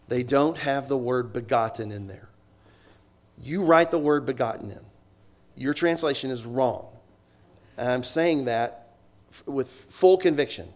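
A man preaching a sermon, slowing down and stressing key words, then dropping low and quiet for asides. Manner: swings between loud emphasis and low, quiet asides.

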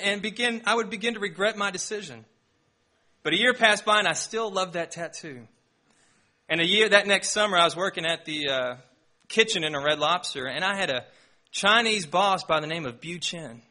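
A young man delivers a sermon, easing in with an animated, self-deprecating story. His voice sits high and rings very bright. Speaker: pastor.

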